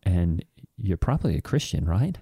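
A man's voice: deep voice, big pitch swings, normal speed, dark tone, breathy edge, dry recording, studio quality, full character voice. A man with a Kiwi or Aussie accent voicing a touchy, devout megachurch dad who talks earnestly and rambles with restarts, as co-host of an improvised satire. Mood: earnest aggrieved. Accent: New Zealand or Australian. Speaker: podcast co-host. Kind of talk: improvised satirical character comedy.

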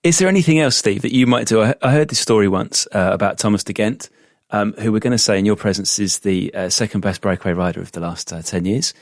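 Low-voiced male podcast host, dry sound. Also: fast talker, no room sound. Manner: asks questions and recalls moments. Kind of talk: casual podcast chat.

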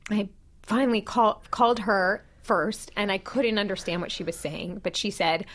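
A woman's voice: medium pitch, normal speed. Candid woman telling a personal story. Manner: candid, emotional, animated retelling with quoted dialogue. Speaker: podcast co-host. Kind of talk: personal storytelling in casual chat.

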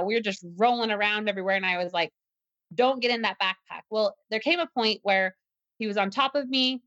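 Bright-voiced woman recounting a story. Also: medium pitch, dry recording. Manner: earnest, tense retelling with restarts. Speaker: guest, self-defense teacher. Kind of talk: personal story told in an interview. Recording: slightly dull, muffled recording.

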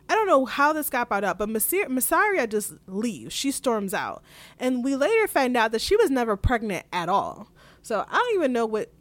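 A woman casually retelling a TV scene, quoting the characters in animated voices and laughing often. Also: a little high, no room sound. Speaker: podcast co-host recapping an episode.

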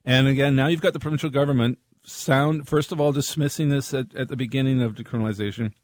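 A man giving political analysis on a talk radio show, in a measured, analytical way. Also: mid-range voice, fairly even intonation, no echo. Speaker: political commentator.

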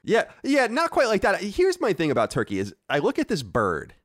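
Animated ranting man, dry sound. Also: high voice, fairly quick, dry recording. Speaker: podcast host. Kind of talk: casual chat.

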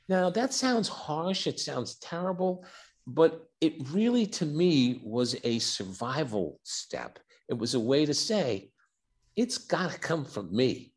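An older man talking as a physician and author on a podcast. His pitch swings widely as he tells candid personal stories. He acts out the dialogue and stumbles over a few repeated starts. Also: very animated, takes it slowly. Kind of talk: candid interview storytelling.

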